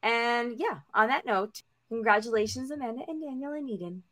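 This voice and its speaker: A woman hosting a casual podcast, upbeat and quick to laugh as she wraps up the episode. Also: on the high side, fairly bright tone. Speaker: podcast host.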